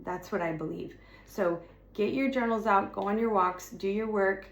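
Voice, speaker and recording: Her voice is medium-pitched and creaky, moving at a moderate pace, as this spiritual content creator urges her viewers on with passionate, repeated, emphatic statements. The room adds an echo, with faint ambient sound behind her.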